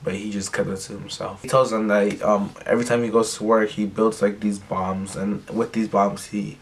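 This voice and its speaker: A man's voice: on the low side, flat delivery, moderate pace, gravelly, a little hiss or hum. A young man casually recapping an episode in a rambling way, with lots of filler words. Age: young adult. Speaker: recap vlogger.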